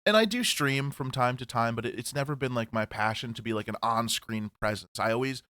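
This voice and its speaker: A man co-hosting a casual podcast chat, rambling with restarts, swearing and laughing loudly. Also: mid-range voice, fairly quick, no echo, studio quality. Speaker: podcast co-host.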